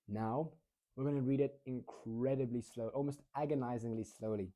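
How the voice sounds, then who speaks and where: A young man of eighteen talks straight to his viewers as a speaking coach, lively and quick to demonstrate. His voice is dark and mellow, sitting at a middling pitch. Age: teens. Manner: energetic, demonstrates fast, slow, low and high reading. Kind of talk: casual tutorial to camera.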